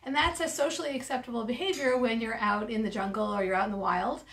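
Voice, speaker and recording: A woman veterinarian explaining bird care in a calm, practical educational talk. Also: a little high, quick pace, far from the mic. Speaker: avian veterinarian.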